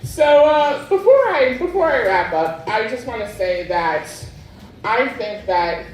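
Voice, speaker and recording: A woman performing a stand-up comedy set on a club stage with a deadpan, crude delivery. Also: medium pitch, recorded from a distance, a little hiss or hum. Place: club stage before a laughing crowd. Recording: echoey club, mic heard from afar.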